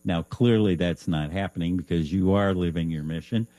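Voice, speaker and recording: Deep mellow male radio guest. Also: normal speed, no room sound. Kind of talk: casual radio interview chat.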